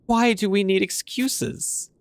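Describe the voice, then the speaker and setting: A man's voice: high-pitched, fairly even intonation, slow pace, dry recording, pitched above the performer's own voice. A man voicing an earnest young son who pleads urgently with his mother, reading game dialogue aloud. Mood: upset.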